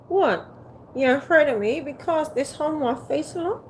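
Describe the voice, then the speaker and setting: High, lively woman chatting on a livestream. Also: measured pace, a little hiss or hum. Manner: playful, teasing, coaxing the chat. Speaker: livestream host. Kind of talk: casual livestream chat with viewers. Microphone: phone on a ring light.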